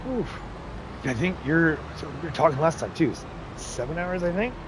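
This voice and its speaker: A chatty man runs a live farming-game stream, greeting viewers and teasing his in-game workers with a laugh. His voice sits a little high for a man. A faint noise hums underneath the recording. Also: animated, normal speed. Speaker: livestream host. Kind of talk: casual live gameplay chat.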